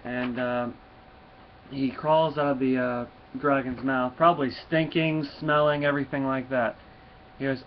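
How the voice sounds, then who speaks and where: A man's voice: medium pitch, fairly even intonation, unhurried. Rambling man reviewing comics. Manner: rambling, full of fillers. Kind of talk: casual video review. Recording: dull lo-fi with faint hiss.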